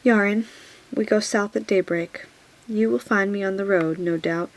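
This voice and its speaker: A woman voicing a sardonic, witty dwarf nobleman in a soft whispered role-play, dry and mocking. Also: medium pitch, normal speed, lightly acted, low-quality recording.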